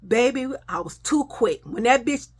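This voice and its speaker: A woman telling a childhood story in a casual, profane, animated way, often addressing listeners as y'all. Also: fairly high pitch, normal speed, slightly rough.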